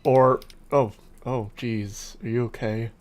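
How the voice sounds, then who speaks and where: A man's voice: medium pitch, steady tone, slow, a little hiss or hum. A man chatting casually on his game stream, playful and teasing, breaking into bursts of mock outrage. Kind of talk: casual gaming stream chat.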